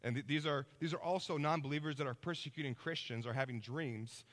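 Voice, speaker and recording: A man preaching a sermon, telling lively stories and checking in with his listeners. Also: fairly high pitch, fairly quick, long reverb tail. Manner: energetic storytelling, checks in with listeners.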